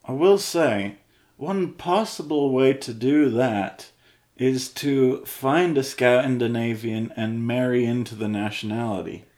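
A young man co-hosts a casual podcast and delivers his jokes dry and deadpan. He also reads listener questions aloud. His voice sits at an ordinary middle pitch. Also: takes it slowly. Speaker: podcast co-host.

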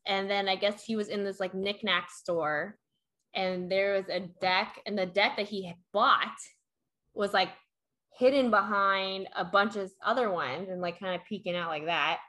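A woman's voice: mid-range voice, normal speed, pushed and bright. A young woman in casual chat, telling a long story full of fillers and acted-out quotes.

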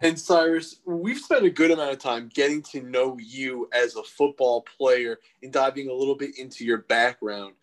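A man's voice: mid-range voice, moderate pace, hardly any pauses. A man interviewing a college football player, reading out his prepared questions.

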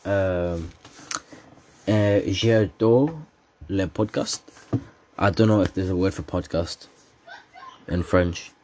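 A man's voice: deep voice, fairly even intonation, slow pace, long pauses, a little mellow, a little hiss or hum. A teenage man hosting a casual solo podcast, rambling from topic to topic with slang and frequent laughter. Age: teens. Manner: rambling, joking, laughs often, slang-heavy. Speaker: podcast host.

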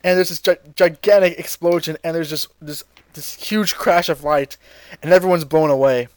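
High-voiced man recapping an episode. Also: fairly even intonation, moderate pace, no echo. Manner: retells scenes, acting out character lines with hesitant fillers. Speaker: podcast co-host.

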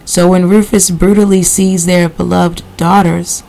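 A woman podcast host reading a novel aloud at a steady pace, breaking off now and then for casual asides. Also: lowish voice, unhurried, creaky, low-quality recording. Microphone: computer recording software.

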